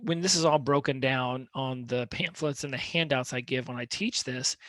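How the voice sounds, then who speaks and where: A man gives a conversational lesson on communication, checking in with the listener now and then. His voice sits in an ordinary middle pitch. It is recorded close up, with a dry, dead sound. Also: normal speed, fairly bright tone, no echo. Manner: conversational, peppers points with "right?". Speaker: communication coach. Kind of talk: instructional talk to camera.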